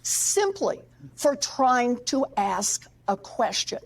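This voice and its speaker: A woman's voice: a little high, big pitch swings, slow, no room sound. A woman commentator in a news clip, speaking in a matter-of-fact way.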